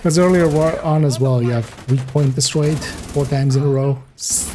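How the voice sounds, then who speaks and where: Mellow-voiced man rambling over gameplay. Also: medium pitch, normal speed, a little hiss or hum. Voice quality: rambling, sarcastic asides. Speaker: streamer playing a video game. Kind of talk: casual gameplay commentary.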